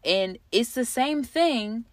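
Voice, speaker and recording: A woman's voice: on the high side, expressive, slow pace, dry recording. A woman talking through her thoughts in a casual monologue, conversational and reflective, with frequent fillers and restarts. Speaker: podcast host.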